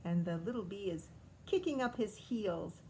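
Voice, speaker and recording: A woman's voice: mid-range voice, expressive, moderate pace, warm tone, a little hiss or hum. A woman teacher reading a picture book aloud to children, stopping often to comment and ask questions.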